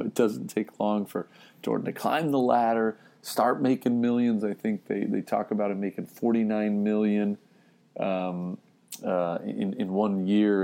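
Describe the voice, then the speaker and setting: A man hosting and chatting casually between clips in a relaxed way. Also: lowish voice, gravelly. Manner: relaxed, chatty, with frequent fillers. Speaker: host. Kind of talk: casual commentary.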